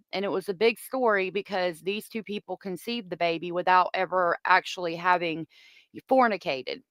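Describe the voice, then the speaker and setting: A woman's voice: mid-range voice, a bit bright, clean tone, no room sound. Chatty woman livestream host, dry sound. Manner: chatty, gossipy, reads viewer comments aloud. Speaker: true crime livestream host. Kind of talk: casual livestream chat.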